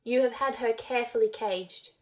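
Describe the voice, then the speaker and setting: A woman's voice: fairly high pitch, normal speed, lightly acted, low-quality recording. A woman doing a sneering young man, clipped drawl, cold and curt, storybook reading. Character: cold, sneering young male lord's enforcer.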